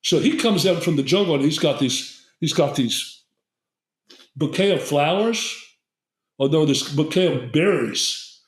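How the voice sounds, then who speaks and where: A man's voice: a little high, expressive, a little slow. Older man telling a rambling story. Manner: rambling, many fillers and restarts. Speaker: guest herbalist. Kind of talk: storytelling in conversation. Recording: roomy echo.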